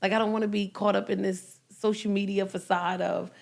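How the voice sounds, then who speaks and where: A woman's voice: mid-range voice, level tone, a little fast, gravelly, darkish tone. A woman hosting a podcast, chatting casually and speaking frankly about her own divorce. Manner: blunt, reactive interjections. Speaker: podcast host. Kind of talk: casual chat.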